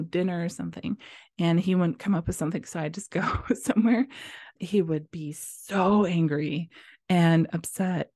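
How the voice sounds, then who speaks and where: A woman in her thirties hosts a personal podcast, talking candidly and acting out old arguments. Her voice sits a little low and mellow. The recording is close and dry. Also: no room sound. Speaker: podcast host.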